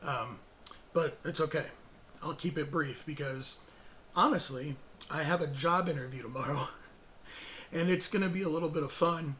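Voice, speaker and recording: A hoarse man hosting his own show, giving a casual, rambling spoken update with fillers, self-corrections and chuckles between sentences. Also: on the high side, moderate pace, pauses often, bright, forceful tone, slight background noise.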